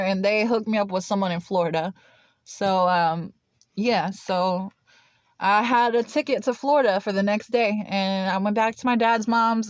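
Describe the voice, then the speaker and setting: A woman's voice: mid-range voice, clear, resonant tone, no room sound, lo-fi sound. Young woman vlogger, rambling storyteller, "like" in every line, dry close sound. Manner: rambling, filler-heavy with constant "like". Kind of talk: casual personal storytelling.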